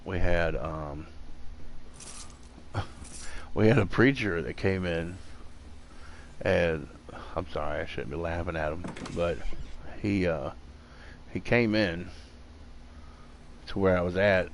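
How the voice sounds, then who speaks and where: A man's voice: low voice, slow, creaky, long pauses, a little hiss or hum. A man chatting casually while playing a game at home, rambling with many fillers and restarts. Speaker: gaming streamer. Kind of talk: casual chat while gaming. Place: home room.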